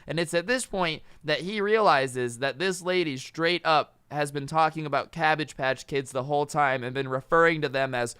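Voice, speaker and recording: A young man tells a story in a loose, chatty way, tossing in "dude" and acting out the lines he quotes. His voice sits a little high and sounds bright and clear. It is recorded close on the mic, dry with no room sound. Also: normal speed, few pauses, no echo. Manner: chatty, says dude a lot, acts out quotes. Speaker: storytime youtuber. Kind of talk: casual storytelling.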